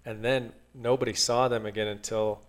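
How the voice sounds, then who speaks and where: A man's voice: on the low side, flat delivery, moderate pace. A man describing a muddy race in a rambling, emphatic way as a guest. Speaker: adventure racer, guest. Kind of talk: casual chat.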